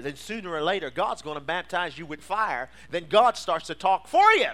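A man preaching a sermon, calling for responses from the congregation and rising to fervent shouts. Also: fairly high pitch, sing-song, normal speed, few pauses. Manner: preaching with call-and-response prompts. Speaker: pastor.

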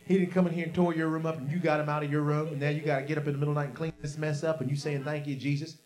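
Flat in delivery and rapid-fire in pace, a male preacher tells a story from the pulpit. He alternates quiet, low lines with loud shouts and has the congregation respond to his calls.

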